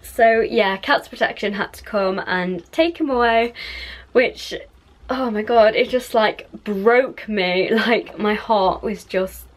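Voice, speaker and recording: A young woman chats through a casual vlog recap. She rambles and loops back on herself, leaning on plenty of fillers. Her voice sits at an ordinary middle pitch. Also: takes it slowly. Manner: rambling, chatty, many fillers. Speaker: vlogger.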